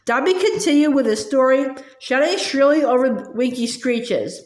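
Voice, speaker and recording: A woman narrating a fantasy novel aloud in a steady storytelling manner. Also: sits high, normal speed, hardly any pauses, roomy sound. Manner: steady storytelling, small slips and restarts. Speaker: audiobook reader. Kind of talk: audiobook narration.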